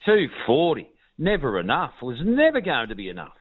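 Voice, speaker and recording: A man's voice: medium pitch, wildly swooping pitch, normal speed. Upbeat man on a phone line. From Australia. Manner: enthusiastic, repeats himself. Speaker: regular sports guest. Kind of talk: casual sports chat.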